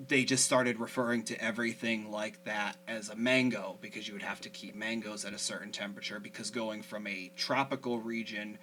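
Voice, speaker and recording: A man's voice: fairly low pitch, steady tone, fairly quick, few pauses, bright, forceful tone, a little hiss or hum. A man hosting a casual podcast chat, rambling with lots of fillers. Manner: chatty, rambling, many fillers. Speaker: podcast host.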